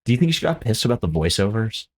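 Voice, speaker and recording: Drunk male podcast host, low voice, crude rambling banter. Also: very animated, quick pace. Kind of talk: casual chat.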